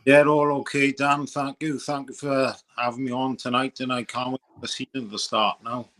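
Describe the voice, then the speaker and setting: A man speaking as a guest on a fan podcast, hesitant, with frequent pauses and restarts. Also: mid-range voice, little pitch movement, fairly bright tone. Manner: hesitant, many ums and restarts. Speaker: panel guest. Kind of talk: casual chat.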